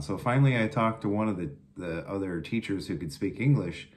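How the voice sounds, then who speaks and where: Low-voiced man telling a funny story. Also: normal speed, hardly any pauses. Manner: animated, jumps high when quoting kids. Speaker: vlogger. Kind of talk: casual storytelling to camera.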